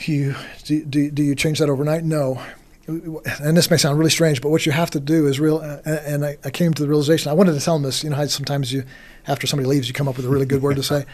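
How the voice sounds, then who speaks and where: A pastor speaks in a podcast chat, earnest and searching, often restarting his sentences. His voice sits a little high for a man. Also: little pitch movement, a little mellow. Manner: earnest, halting, many restarts. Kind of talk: reflective podcast conversation.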